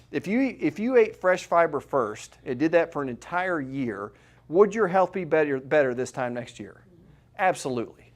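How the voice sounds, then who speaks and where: A middle-aged man, a chiropractor, giving a live seminar talk to an audience in a room, conversational and full of rhetorical questions. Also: a little high.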